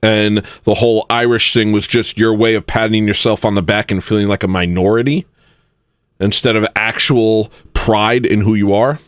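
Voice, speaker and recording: A man's voice: fairly low pitch, moderate pace, no room sound. Man ranting in a dry room. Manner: animated, mocking, with sudden outbursts. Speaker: channel host. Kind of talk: casual ranting monologue.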